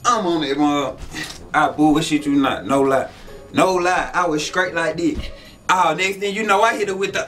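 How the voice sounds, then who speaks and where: A man's voice: high-pitched, normal speed, faint music behind. A man hosting his own channel, telling a story in casual slang and acting out the quotes in a raised voice. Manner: animated, acts out quotes in a raised voice, profane slang. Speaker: channel host.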